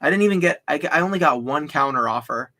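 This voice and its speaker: A man's voice: a little high, expressive, fast, sharp tone. A man co-hosting a live reselling stream, talking in a laid-back way while checking his listings. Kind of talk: casual livestream chat.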